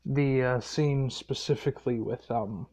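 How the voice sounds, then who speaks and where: A tired man retells a fan story off the cuff. He talks slowly and drawls, pausing on fillers. He swears freely as he rambles along. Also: medium pitch, steady tone, mellow. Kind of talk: casual unscripted story retelling.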